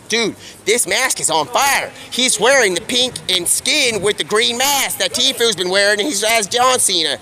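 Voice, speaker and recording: Excitable high-voiced man rambling a story. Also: a little hiss or hum. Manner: excitable, rapid stream of consciousness with quick voices for characters. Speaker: streamer.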